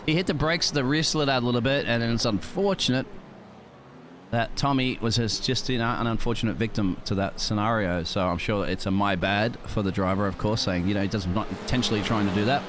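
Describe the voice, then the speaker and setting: A man giving color commentary on a sim race, calmly explaining and asking questions. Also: fairly low pitch, brisk, slight background noise.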